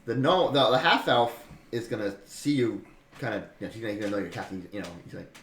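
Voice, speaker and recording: A man's voice: on the low side, animated, fast talker, a bit bright. A man narrating as game master, rambling and full of fillers. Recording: echoey room, faint noise.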